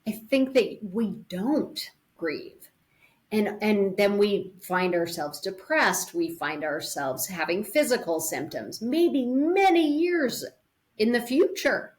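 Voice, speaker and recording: A woman's voice: medium pitch, very animated, slow pace. Earnest woman speaking about grief. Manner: earnest, thoughtful, explains with imagery. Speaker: podcast guest on grief. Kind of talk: reflective conversational interview.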